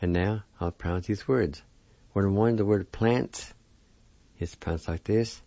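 A man's voice: on the low side, warm tone, no room sound, lo-fi sound. A man giving a weekly radio language lesson, spelling out each word carefully and repeating it. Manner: slow, careful spelling and repetition of words.

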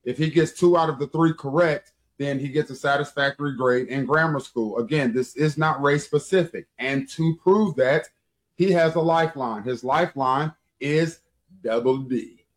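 A man co-hosting a casual podcast, excitable and quick to quote rap lyrics. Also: on the high side. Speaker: co-host.

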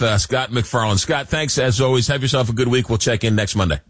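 A man's voice: mid-range voice, fast, hardly any pauses, no room sound. A man hosting a late-night radio talk show, joking and stumbling over repeated words and fillers.

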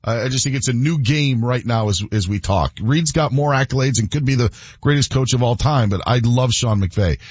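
A man on a sports talk show with a slightly high, husky voice, restarting his words as he argues. The sound is dry and somewhat dull. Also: a little fast, dry recording. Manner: rambling, repeats words while arguing. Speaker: sports radio co-host.

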